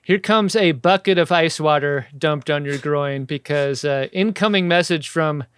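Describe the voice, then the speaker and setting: Man with a smooth, clear voice. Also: fairly high pitch, unhurried. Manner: crude, joking, acts out quotes. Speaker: podcast co-host. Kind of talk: casual comedic chat.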